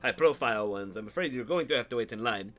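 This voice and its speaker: A man's voice: medium pitch, animated, fast, a bit bright, lightly acted. A man voicing a pompous nobleman adventurer who speaks in a grand, courtly, mildly condescending way.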